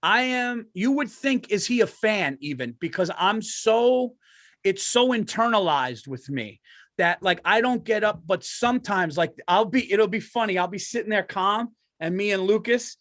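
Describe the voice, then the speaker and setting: A man's voice: high voice, expressive, normal speed, fairly bright tone, no room sound, studio quality. A man co-hosting a comedy podcast in casual chat, rambling and self-deprecating with many restarts. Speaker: podcast co-host.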